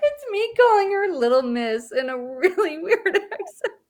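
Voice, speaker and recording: A woman's voice: very high voice, very animated, unhurried. A woman co-hosting a casual chat podcast, giggling and laughing through her sentences. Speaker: podcast co-host.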